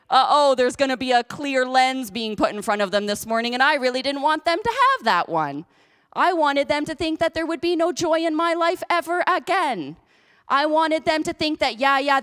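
A woman's voice: sits high, fairly bright tone, clean tone, pitched above the performer's own voice. A woman preacher voicing a gloating, mocking male devil with a taunting, sing-song delivery.

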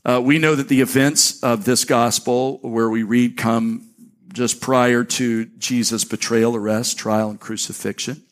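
A man's voice: medium pitch, fairly even intonation, measured pace. A man pastor preaching a sermon in a church, talking in a conversational way with restarts and repeated words, his voice lifting when he reads scripture aloud. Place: church sanctuary.

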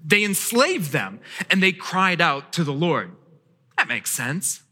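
Pastor with a high, sharp voice in a reverberant hall. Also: male voice, very animated, takes it slowly. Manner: storytelling with acted quotes and sudden shifts in loudness. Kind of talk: sermon. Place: church sanctuary. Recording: long church hall reverb.

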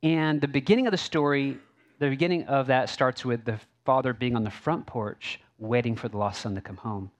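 A man's voice: mid-range voice, a little fast. A male pastor preaching a sermon in a conversational way, with asides and rhetorical questions.

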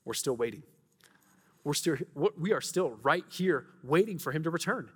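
A male pastor delivers a conversational sermon with animated energy, tossing rhetorical questions at the room. His voice sits a little on the high side, and a long hall reverb trails every phrase. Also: normal speed, breathy edge.

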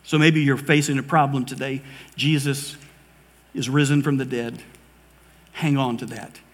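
A man's voice: medium pitch, flat delivery, measured pace. A man preaching a sermon to a congregation, earnest, building rhythmic repeated phrases. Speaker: pastor. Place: church sanctuary with congregation.

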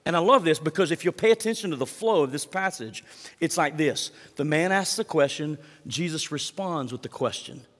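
Man, fairly high voice, conversational sermon, questions to the congregation, long hall reverb. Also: expressive, normal speed, a bit bright. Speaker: pastor.

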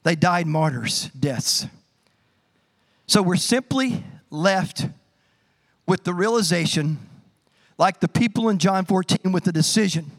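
A middle-aged man preaching a sermon as pastor, animated and humorous, telling stories with sound effects. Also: sits high, slow, pauses often.

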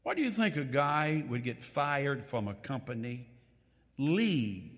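A man's voice: mid-range voice, takes it slowly, vocal fry. A man preaching a sermon, reading scripture with emphatic stress and putting questions straight to his congregation. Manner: animated, reads scripture aloud with emphatic stress; asks the congregation questions directly. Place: church. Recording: long hall reverb.

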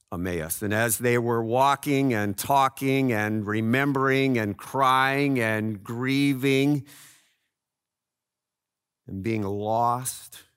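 A man preaching a sermon, telling the story dramatically and swinging between loud cries and hushed low lines. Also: smooth, no room sound, clean studio sound. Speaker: pastor.

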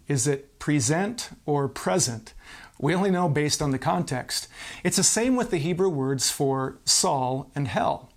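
A male pastor giving a podcast sermon, explaining and reading scripture in an earnest way. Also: a little high.

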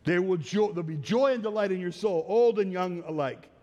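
A man's voice: high voice, brisk, mellow, long reverb tail, lo-fi sound. A man preaching a sermon verse by verse, earnest, often repeating phrases and restarting his sentences. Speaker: pastor. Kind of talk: sermon teaching through a psalm.

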